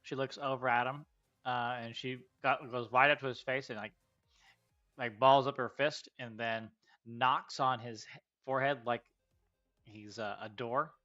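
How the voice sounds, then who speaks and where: A man narrating a tabletop game as game master, halting and full of fillers. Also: medium pitch, fairly even intonation, bright, forceful tone, muffled recording, soft background music.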